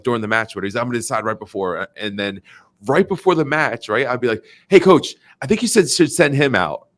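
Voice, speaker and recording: Man guest, lively storyteller, jumps up in pitch for quotes, mid-pitched voice. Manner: animated, acts out quotes in a raised voice; frequent fillers and restarts. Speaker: podcast guest, insurance agent. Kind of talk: casual storytelling chat.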